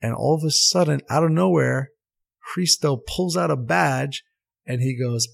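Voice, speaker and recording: A man, a former pro soccer player and now assistant coach, telling stories in a casual interview, animated and acting out the people he quotes. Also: fairly high pitch, normal speed, vocal fry. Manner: animated, laughs at his own story, acts out quotes. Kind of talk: casual storytelling in a podcast interview.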